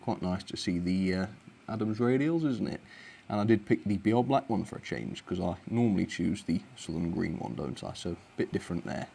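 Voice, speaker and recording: A man's voice: sits low, expressive, brisk, vocal fry, warm tone, slightly rough. A young man hosting a model railway live stream, chatting cheerfully and thanking viewers, with fillers and little laughs. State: a bit out of breath.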